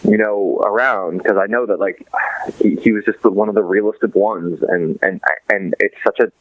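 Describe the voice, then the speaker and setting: A man's voice: on the low side, steady tone, normal speed, no echo, dull audio. A man from Los Angeles, a podcast guest, talking in a casual, rambling way full of restarts and fillers. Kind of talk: casual chat.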